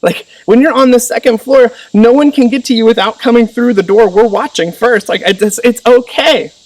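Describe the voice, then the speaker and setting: A man in his thirties preaching a sermon as pastor, animated and acting out the voices of others. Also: dry recording. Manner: animated, acts out voices with rising pitch. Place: church sermon recording. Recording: voice a little distant from the mic.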